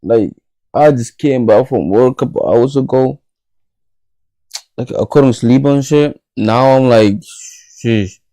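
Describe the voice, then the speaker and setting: Young man, half asleep, mumbling, slangy casual stream chat, average pitch, late-night bedroom stream. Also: takes it slowly, long pauses, warm tone. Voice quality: tired, drowsy, mumbling. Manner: slangy, rambling, self-talking. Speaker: livestream host. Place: home bedroom.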